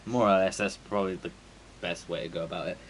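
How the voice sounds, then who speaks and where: A man's voice: low-pitched, steady tone, quick pace, a little hiss or hum, rough recording. A man, streaming a game and chatting casually in a rambling, sweary way full of fillers. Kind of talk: casual chat before a stream.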